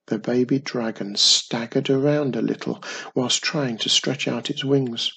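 A storyteller reading a children's fantasy tale aloud in a measured way. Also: medium pitch, steady tone, creaky, sharp tone, breathy edge.

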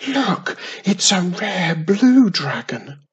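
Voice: medium pitch, very animated, drawn-out words, husky, dull audio, pitched above the performer's own voice, heavily acted. A reader voicing a young witch in a storybook who scolds her cousin and soothes a baby dragon. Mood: excited. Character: bossy yet tender young witch woman. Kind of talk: storybook reading.

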